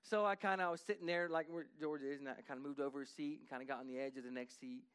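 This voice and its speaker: A man's voice: a little high, steady tone, rapid-fire, fairly bright tone, smooth. A man preaching a sermon in a church, earnest and conversational, building in intensity. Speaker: pastor. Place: church sanctuary.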